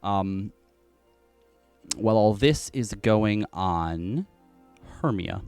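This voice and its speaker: A man narrating as game master in a tabletop game, in a relaxed way with many fillers. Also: on the low side, drawn-out words, clear, resonant tone, no echo, faint music behind.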